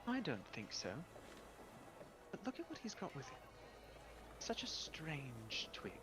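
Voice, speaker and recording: A man voicing a languid female water spirit who lives in a pool, speaking softly and gently. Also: a little high, huge pitch swings, a little slow, voice pushed up. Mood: gentle.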